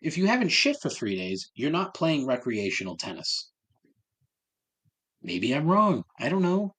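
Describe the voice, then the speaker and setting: A man's voice: a little high, huge pitch swings, unhurried, fairly bright tone, breathy edge. A man hosting a solo podcast, ranting with sarcasm and heavy swearing. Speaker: podcast host.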